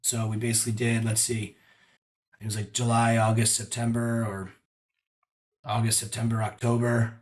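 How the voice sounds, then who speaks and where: A man chatting as a podcast guest, telling stories at an easy middle pitch. He talks loosely and fixes his own details as he goes. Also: level tone, moderate pace, pauses often. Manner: chatty, storytelling, self-correcting. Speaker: guest, whiskey brand ambassador. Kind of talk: casual podcast chat. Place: his apartment.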